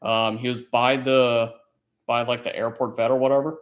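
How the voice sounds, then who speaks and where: A man's voice: mid-range voice, level tone, normal speed. A man hosting a casual late-night chat stream, telling a long story in a rambling, profane way. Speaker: livestream host; military service member.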